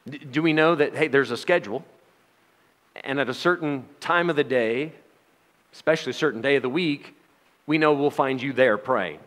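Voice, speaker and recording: A man's voice: mid-range voice, moderate pace, fairly bright tone, in a large hall. A middle-aged man giving a Bible study sermon, talking in a conversational way with rhetorical questions and wry sarcastic asides. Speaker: Bible teacher.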